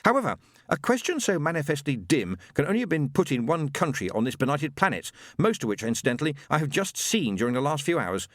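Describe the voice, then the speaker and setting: A man's voice: fairly high pitch, very animated, fast, a bit bright, no echo, studio quality, pitched above the performer's own voice. A man voicing a fussy, pompous male angel who speaks through a medium in a prim, testy way.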